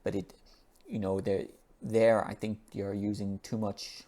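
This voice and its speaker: A man teaching English pronunciation, reading an article aloud and slowly repeating the sounds in each word. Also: on the low side, little pitch movement, warm tone. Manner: slow and repetitive, drawing out and repeating sounds.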